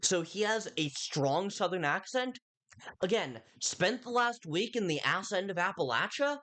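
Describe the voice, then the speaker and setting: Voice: mid-range voice, animated, a little slow, fairly bright tone. A livestreamer giving casual spoken commentary on a film, rambling, often breaking off mid-sentence to restart, and addressing viewers in chat directly. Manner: rambling, with frequent self-interruptions and restarts.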